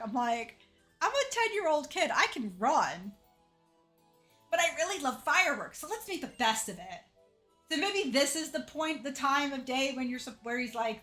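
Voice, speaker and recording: Bright-voiced woman joking through gameplay. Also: a little high. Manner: jokey and self-mocking, quick to laugh. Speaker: let's play streamer. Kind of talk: casual gameplay commentary.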